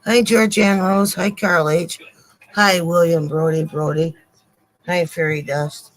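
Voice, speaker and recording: An older woman co-hosting a live stream, apologizing to viewers in halting speech with many pauses and repeated words. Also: on the low side, steady tone, rough recording.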